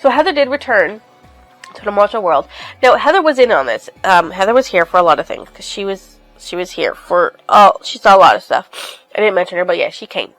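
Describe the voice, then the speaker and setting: A woman's voice: medium pitch, big pitch swings, a little fast, fairly bright tone, faint music behind, poor audio. A woman giving a casual book recap, retelling the plot loosely and chattily, with "she's like" asides, fillers and restarts. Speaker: book reviewer.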